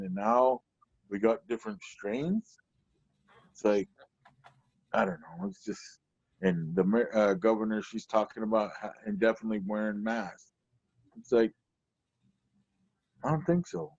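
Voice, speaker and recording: Low dark-voiced comedian man telling stories. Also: lively intonation, unhurried, no room sound. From Portland, Oregon. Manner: rambling, leans on "you know". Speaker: stand-up comedian guest. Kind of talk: conversational storytelling. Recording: dull lo-fi recording, dry.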